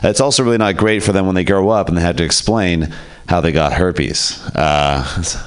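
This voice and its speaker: Man, stand-up comic, low voice, smooth tone, deadpan, open mic set. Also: moderate pace. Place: comedy open mic stage.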